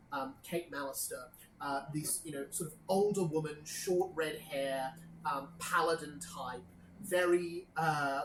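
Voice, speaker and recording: Woman game master, low voice, hesitant, echoey room. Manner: hesitant, lots of ums. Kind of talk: narrating a tabletop game. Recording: echoey room with faint noise.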